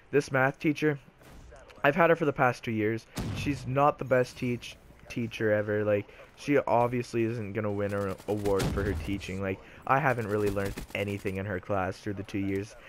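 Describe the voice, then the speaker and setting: A teenage boy tells a storytime vlog in a loose, chatty way packed with fillers. His voice is fairly low and steady at a moderate pace, with a little hiss or hum in the background.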